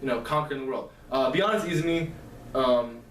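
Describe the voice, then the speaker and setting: A man retelling the plot of a novel in a halting, casual way, often correcting himself. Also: medium pitch, fairly bright tone. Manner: halting, frequent fillers and self-corrections. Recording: echoey room, mic at a distance, faint hum.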